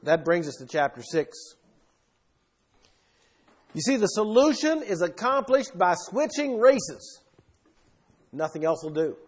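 A man preaching a sermon with emphasis, swinging between loud bursts and quiet asides. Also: high voice, very animated, a little slow, pauses often, slightly rough.

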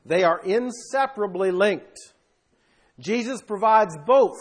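A man preaching a sermon with emphasis, swinging between loud bursts and quiet asides. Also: high voice, animated, measured pace, breathy edge.

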